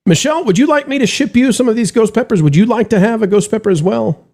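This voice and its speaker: A man's voice: high voice, fast talker. A man hosting a live stream, chatting jokily and reading out donations. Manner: animated, jokey, reads donations aloud. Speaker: show host. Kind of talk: casual live-stream chat.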